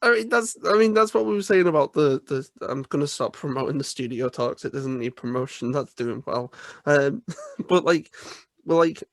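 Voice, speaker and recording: A man's voice: medium pitch, no echo. Stammering young man on a dry mic. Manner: stammering, laughs often. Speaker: podcast co-host. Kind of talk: casual chat.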